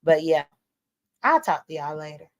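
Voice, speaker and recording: A woman's voice: sits low, sing-song, moderate pace, dull audio. A woman hosting a casual livestream, talking straight to her viewers with blunt, profane emphasis. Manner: talks straight to viewers as "y'all". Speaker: livestream host. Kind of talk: casual live-stream commentary.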